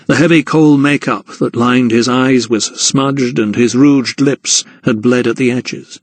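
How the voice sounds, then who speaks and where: A man narrating a historical mystery audiobook in a measured storytelling manner. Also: medium pitch, fairly even intonation, dry recording. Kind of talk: scripted narration.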